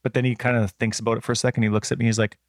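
A man's voice: mid-range voice, rapid-fire, no echo, clean studio sound. A middle-aged man co-hosting a podcast, chatting casually and acting out the quotes in his story. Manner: animated storyteller, acts out quotes. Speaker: podcast co-host. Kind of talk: casual chat.

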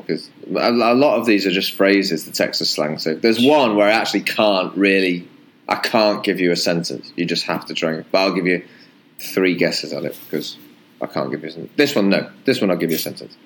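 A young British man co-hosting a podcast, running a slang quiz in loose, sweary banter with lively jumps in pitch. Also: a little fast. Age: young adult. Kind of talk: casual banter.

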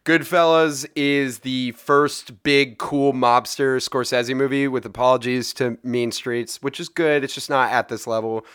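Smooth-voiced man talking movies. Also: medium pitch, steady tone, a little slow, few pauses, fairly bright tone, dry recording, studio quality. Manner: laid-back, explains with filler ums. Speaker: podcast co-host. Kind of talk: casual movie review chat.

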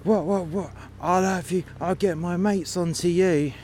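A man's voice: sits high, fairly even intonation, unhurried, a little mellow, a little hiss or hum, pitched above the performer's own voice. A man doing a yelping, cocky teenage boy. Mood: indignant.

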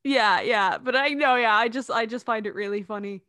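A woman's voice: fairly high pitch, normal speed, sharp tone, dry recording. A young woman co-hosting a casual movie review chat, chatty with lots of fillers. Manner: chatty, many fillers, laughs easily. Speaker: podcast co-host.

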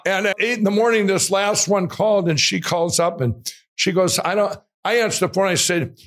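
A man, a guest in an interview, telling a long personal story in an animated way, with frequent restarts and acted-out quotes. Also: high voice, normal speed. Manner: animated, restarts often, acts out quoted voices.

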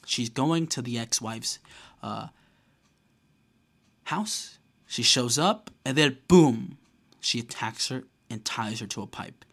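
A man walks through a horror movie's plot in a loose, casual review, swearing freely as he goes. His pitch swings up and down constantly, and his delivery stays animated and conversational. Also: slow pace, long pauses. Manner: animated, profane storytelling, acts out characters' lines.

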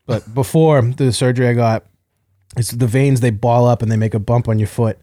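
A man's voice: medium pitch, steady tone, a little fast, dark tone, dry recording, studio quality. A man hosting a podcast, telling stories in casual banter and laughing often. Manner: storytelling, laughs often, crude. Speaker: podcast host.

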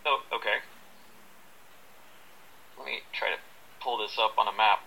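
A man's voice: fairly low pitch, fairly even intonation, measured pace, gravelly, sharp tone, slightly rough, poor audio. A man from the United States, a filmmaker, who chats as a guest and laughs easily. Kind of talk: casual interview chat.

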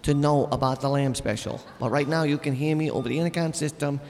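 A man's voice: on the high side, fast talker, darkish tone, a little hiss or hum, natural voice. A man voicing an overeager meat-department clerk who makes a hammy, repetitive announcement over the store intercom in a comedy skit. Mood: eager.

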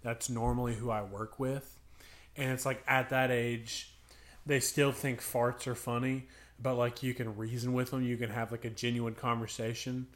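A man's voice: medium pitch, level tone, moderate pace. Young male podcast co-host, casual storyteller who acts out kids' voices. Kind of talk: casual chat.

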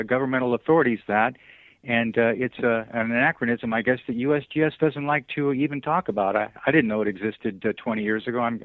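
A man's voice: medium pitch, dry recording. Earnest man on a tinny phone line. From Southern California. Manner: earnest, halting with many fillers and restarts. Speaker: guest. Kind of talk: phone-in radio interview.

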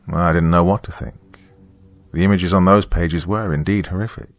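A man narrating a first-person story in an expressive, measured reading. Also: low voice.

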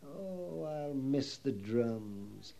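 A man's voice: on the high side, big pitch swings, takes it slowly, a little mellow, full character voice. An actor playing a fussy, nervous storekeeper at an army fort, fretful and theatrical, dropping his voice to whispers. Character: fussy nervous middle-aged male army-post storekeeper. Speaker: sutler running a fort canteen. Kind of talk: vintage TV western drama.

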